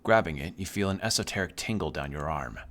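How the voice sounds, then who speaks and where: A man with a low voice streams a game and reads its narration aloud in an even way. Now and then he breaks into a sudden loud outburst. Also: quick pace, slight background noise. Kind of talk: reading game text aloud while playing.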